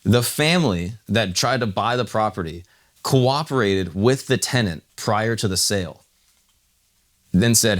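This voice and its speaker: A man's voice: on the low side, lively intonation, unhurried. A man co-hosting a podcast, casually retelling a story with swearing and acted-out quotes. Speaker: podcast co-host.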